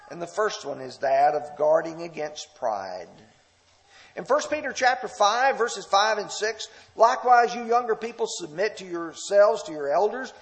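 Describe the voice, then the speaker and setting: Male pastor, fairly high voice, sermon in a reverberant sanctuary; loud scripture reading, quiet slow asides. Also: gravelly. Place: church sanctuary.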